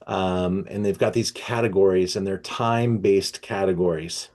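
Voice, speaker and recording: A man's voice: low-pitched, steady tone, moderate pace, a little mellow. A man hosting an educational wine session, easygoing and hesitant with many fillers. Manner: easygoing, with many ums and uhs. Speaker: wine shop host.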